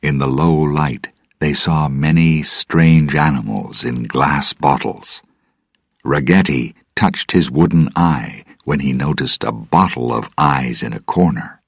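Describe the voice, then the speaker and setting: A man reads a story aloud in a measured, even way. His voice is extremely deep, slow and husky. The sound is close and dry, with no room around it. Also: dry recording. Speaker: narrator. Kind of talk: storybook reading.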